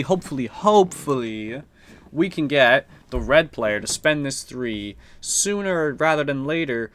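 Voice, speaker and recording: A relaxed male streamer talks through his game in a chatty, easygoing way, with the odd curse word. His voice sits at a middling pitch. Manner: laid-back and chatty, swears casually. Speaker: streamer playing a strategy board game. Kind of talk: casual live-stream commentary.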